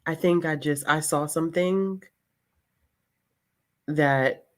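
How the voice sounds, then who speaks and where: A woman hosts a book vlog reading sprint, chatting casually with viewers and often laughing between words. She speaks slowly in a low voice.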